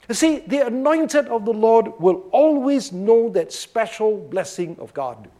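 A man teaching through a psalm verse by verse, animated and often checking in with his listeners. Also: high voice, takes it slowly. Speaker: Bible teacher. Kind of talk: expository sermon.

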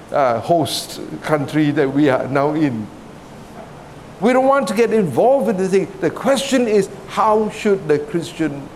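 Chatty Singaporean preacher with a higher voice. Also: male voice, a little mellow, slight background noise. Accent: Singaporean English. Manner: conversational, often asks "right?", laughs between points. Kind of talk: sermon.

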